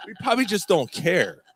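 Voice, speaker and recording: A man's voice: high voice, very animated, normal speed, a bit bright, a little hiss or hum. Blunt, rambling male sports podcaster. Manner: profane, rambling, opinionated. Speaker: podcast co-host. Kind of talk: casual sports chat.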